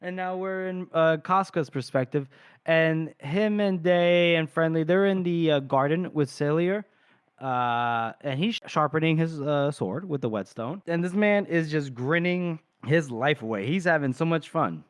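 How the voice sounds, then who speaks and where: A man co-hosting a book podcast, retelling scenes in a casual, animated way with lots of filler. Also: a little high, clear, resonant tone, no room sound. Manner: animated retelling with filler ums and quick quoted asides. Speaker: podcast co-host.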